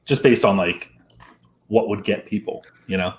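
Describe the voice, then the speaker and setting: A man's voice: on the low side, moderate pace, a little hiss or hum. A man hosting an online trivia night in a casual, upbeat way, often laughing as he announces scores and rounds. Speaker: trivia host. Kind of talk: casual livestream chat.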